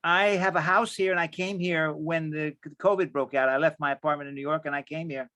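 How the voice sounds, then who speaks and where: A man's voice: on the high side, steady tone, brisk, sharp tone. A man hosting a live Q&A over a video call, reading out audience questions and adding jokey asides. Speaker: host. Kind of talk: moderating a live Q&A.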